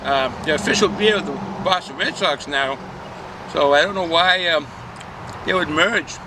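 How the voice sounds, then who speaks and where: A man's voice: a little high, moderate pace, noisy background. An older man chatting casually as a beer reviewer, rambling with many fillers and restarts. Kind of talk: casual chat.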